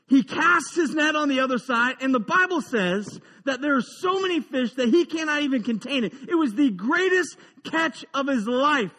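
A man preaching a humorous, conversational sermon, dropping into quiet asides and rising into emphatic build-ups. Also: extremely high pitch, very animated, moderate pace, big-room sound. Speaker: pastor.

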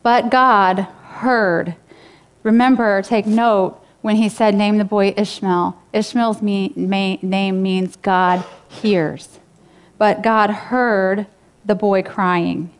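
A woman's voice: medium pitch, steady tone, slow pace, clear, resonant tone. A woman pastor giving a sermon in a casual, conversational way, retelling a story and speaking to her church. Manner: casual, conversational preaching with fillers.

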